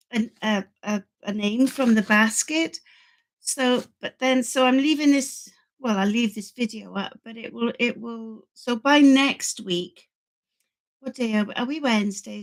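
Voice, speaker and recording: An older woman hosting a live stream, chatting excitedly with viewers and rambling with many restarts. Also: on the high side. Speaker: channel host.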